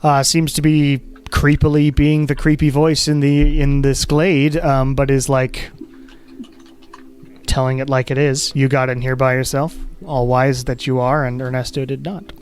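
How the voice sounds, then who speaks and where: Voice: mid-range voice, flat delivery, unhurried, darkish tone, soft background music. A game master narrating a tabletop game in a casual, loose way. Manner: casual, with fillers and restarts.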